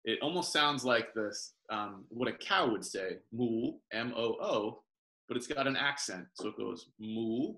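A man reading a children's picture book aloud in a gentle sing-song, pausing to explain words over a video call. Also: mid-range voice, animated. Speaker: professor reading picture books to families. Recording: roomy echo.

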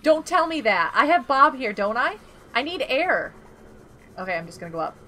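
A young woman streaming a video game, chatting casually and getting excitable, with frequent gasps and giggles. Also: high voice, moderate pace, a little hiss or hum. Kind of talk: casual live gameplay chat.

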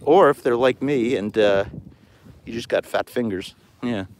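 A man with a New York accent hosting a live outdoor metal detecting vlog, talking excitably and rambling from thought to thought. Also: medium pitch, a little slow, slight background noise. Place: outdoors on a beach.

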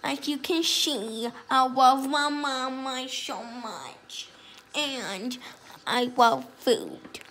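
Sweet, clingy puppy girl played by a woman, high and bright, in a playful pet voice-over. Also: extremely slow, a little hiss or hum, heavily acted. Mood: chatty. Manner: sweet, doting, repeats her affection over and over. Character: adoring young female mini-poodle, clingy and food-loving.

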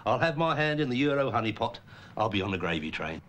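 A pompous chancer, voice bouncing all over, middle-aged. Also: male voice, medium pitch, very animated, quick pace, a bit bright. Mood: blustering. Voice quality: blustering, pompous, cheeky. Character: pushy middle-aged Englishman chasing funding. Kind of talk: TV comedy acting.

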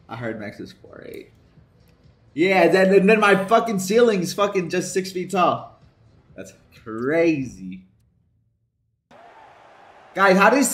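A young man giving casual, excitable gameplay commentary while playing a football video game, swearing, joking and shouting at the screen. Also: high-pitched. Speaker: gaming streamer.

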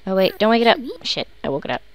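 A woman's voice: medium pitch, big pitch swings, rapid-fire. A woman giving casual, sarcastic commentary while playing a life-simulation game, grumbling at her characters. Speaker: let's play host. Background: background music.

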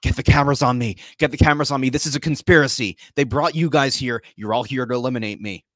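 Brief: man doing a frantic, paranoid male wrestler, loud and raised. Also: fairly low pitch, steady tone, very fast, dry recording, close to an everyday voice. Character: paranoid male wrestler ranting about conspiracy.

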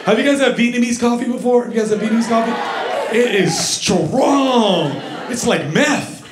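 A man doing a stand-up routine, telling a story in a loud, animated way on a comedy club stage. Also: extremely high pitch, normal speed, background noise. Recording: echoey club with crowd laughter.

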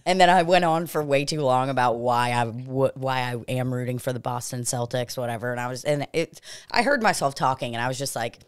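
A woman with a very low speaking voice co-hosts a comedy podcast. She tells loose, rambling stories full of swearing and acts out what people said along the way. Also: fairly quick, clear, resonant tone. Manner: profane, rambling storytelling with acted-out quotes. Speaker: podcast co-host. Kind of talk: casual comedy podcast chat.

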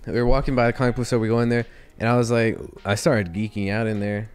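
A man's voice: medium pitch, quick pace, clean tone, soft background music. A young man from Texas, a podcast co-host telling a story in casual chat, acting out what people said and laughing often. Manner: animated storyteller, acts out quotes, laughs often.

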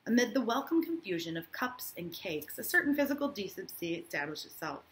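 A woman's voice: medium pitch, big pitch swings, brisk, a bit bright. A woman teacher reading a novel aloud to her class and breaking off for casual asides, often checking in with "right?".

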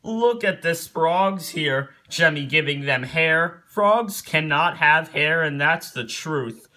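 A man's voice: a little high, animated, takes it slowly, pushed and bright. A man doing comedic reaction commentary on pictures, giggling a lot, repeating silly chants and mock-scolding the picture maker. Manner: giggly and repetitive, laughing at each picture in singsong chants.

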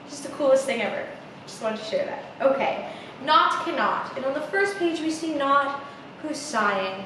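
A woman's voice: high voice, a bit bright. Playful woman reading a picture book. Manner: chatty, playful asides with laughter. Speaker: storyteller, theatre coach. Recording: echoey room from far off with faint hiss.

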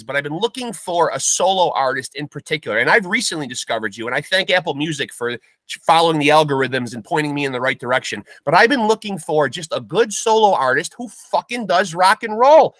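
A man's voice: on the high side, lively intonation, brisk, fairly bright tone, dry recording. A man hosting a comedic podcast with hammy, bombastic showman patter. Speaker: podcast host.

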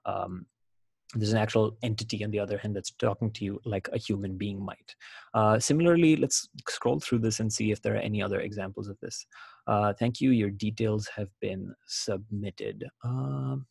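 A man explains things in a relaxed webinar walkthrough, with plenty of fillers and self-corrections. His voice sits low and a little husky. The sound is dry and close, with almost no room around it. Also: brisk, no echo. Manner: casual, explanatory, with frequent fillers and restarts. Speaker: webinar presenter. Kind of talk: screen-share webinar walkthrough.

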